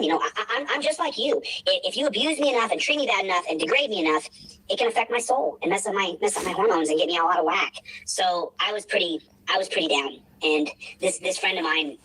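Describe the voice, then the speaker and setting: Husky fast-talking man, rambling and emotional. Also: high-pitched, sharp tone, low-quality recording. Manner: rambling, repeats himself, emotional pleading. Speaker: livestreamer asking for a fundraiser. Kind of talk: rambling emotional livestream talk.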